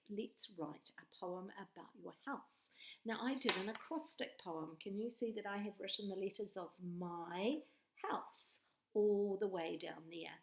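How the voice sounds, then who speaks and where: A woman teacher leads a lesson for young children, patient and clearly spoken, breaking into sing-song bursts. Her voice is mid-range. The room is echoey.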